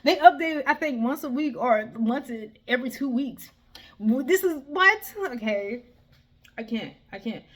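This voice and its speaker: A woman giving a heated, exasperated casual review, swearing often and breaking into animated outbursts. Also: fairly high pitch, unhurried. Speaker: manga reviewer.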